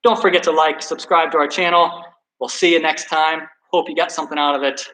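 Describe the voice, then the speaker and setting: A man's voice: on the high side, fairly even intonation, fairly quick, sharp tone, rough recording. A man coaching a workout and telling a story, friendly and self-deprecating in a casual chatty way. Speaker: soccer coach.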